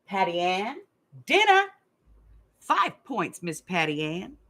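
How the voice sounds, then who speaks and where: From a hot room at home, a middle-aged craft channel host runs a casual live stream game, rambling through stories and laughing a lot. Her medium-pitched voice swoops wildly, moving slowly with a fairly bright tone.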